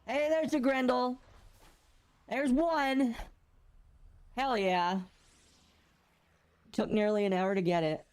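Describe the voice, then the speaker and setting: A woman's voice: fairly high pitch, steady tone, slow pace, pauses often, a little mellow, clear, resonant tone, faint music behind. A woman streaming a game and chatting casually, reading and answering chat with playful puns.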